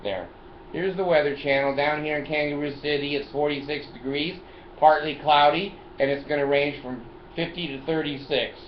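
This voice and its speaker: A man's voice: fairly high pitch, steady tone, moderate pace. Older male vlogger in his car, jokey, talkative, salty language; roomy, muffled recording. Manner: chatty, laughs often, jokey and profane. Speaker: video host. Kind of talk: casual vlog, showing his phone and car gadgets. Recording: roomy, dull lo-fi sound, faint noise.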